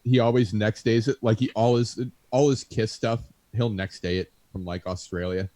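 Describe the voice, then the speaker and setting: A man's voice: fairly low pitch, fairly even intonation, moderate pace, mellow, no room sound. A man in casual banter on a live hobby show, telling a rambling story full of fillers and swearing. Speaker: co-host. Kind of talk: casual chat.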